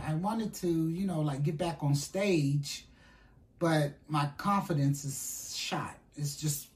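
A woman from Compton asking a talk show host for advice, hesitant and pleading. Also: fairly low pitch. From Compton, USA.

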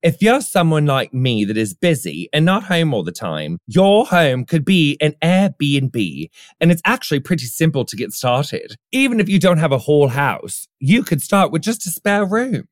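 Podcast host, man in his 30s, bubbly and gushing, quick to call listeners honey, voice on the higher side. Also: sing-song. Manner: effusive and gushing, calls listeners honey, heavy use of like. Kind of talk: casual chat.

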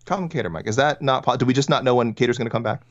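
Canadian dude rambling fast on a sports podcast, trips over his words, kinda muffled. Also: medium pitch. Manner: quick, rambling, self-correcting. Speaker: podcast co-host. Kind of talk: casual sports podcast chat.

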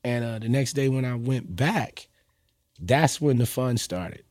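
Warm-voiced New man telling stories. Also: medium pitch, measured pace, dry recording, studio quality. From New York. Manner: animated storyteller who acts out quotes. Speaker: guest rapper. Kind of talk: storytelling in a podcast interview.

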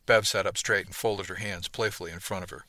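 A man reading a first-person story aloud, steady and conversational. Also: low voice, brisk, no room sound. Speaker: audiobook narrator. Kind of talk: first-person audiobook narration.

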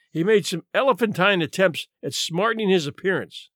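Expressive male storybook narrator, high voice. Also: fairly quick, few pauses, no room sound, studio quality.

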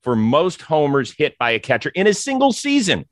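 A man's voice: fairly high pitch, wildly swooping pitch, moderate pace, dry recording, clean studio sound. A man from Cleveland, Ohio, hosting a podcast and interviewing his guest in a chatty, joking way. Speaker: podcast host.

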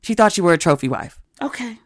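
A woman's voice: lowish voice, sing-song, fast talker, no echo. Woman in her thirties, casual podcast host, candid and chatty, dry close recording. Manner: chatty, candid storytelling with asides. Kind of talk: casual chat.

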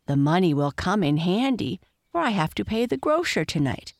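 A woman voicing a warm, hard-up mother pleased with her son. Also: fairly low pitch, big pitch swings, normal speed, dry recording, studio quality, voice pushed up. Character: warm poor working mother.

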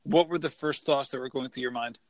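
A man hosting a podcast, asking questions in a relaxed, chatty way. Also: medium pitch, brisk, dry recording. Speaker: podcast host. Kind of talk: casual interview.

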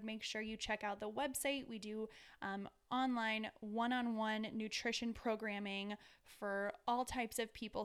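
A woman hosts a podcast with an upbeat, chatty energy and talks straight to her listeners. Her voice is smooth and clear, at a middle pitch. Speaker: podcast host. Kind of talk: casual podcast chat. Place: home, seated on the floor.

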